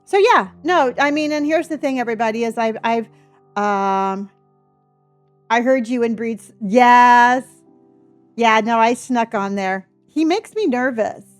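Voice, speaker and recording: A middle-aged woman with a high, bright-pitched voice chats with her viewers during a live stream. She is bubbly and talkative and thanks people one after another with quick bursts of excitement. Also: soft background music.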